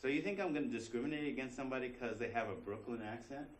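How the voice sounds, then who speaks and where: A male college instructor talks through his lecture in a loose, conversational way, tossing rhetorical questions at the class. His voice sits at an ordinary middle pitch. The recording picks him up from across an echoey classroom, with faint room noise behind him. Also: quick pace. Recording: roomy classroom recording from a distance.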